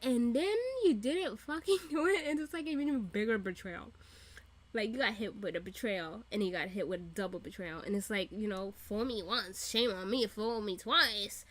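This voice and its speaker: A woman's voice: mid-range voice, normal speed. A woman hosting a reaction video, ranting casually and animatedly with a lot of swearing. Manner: profane, animated, laughing rants.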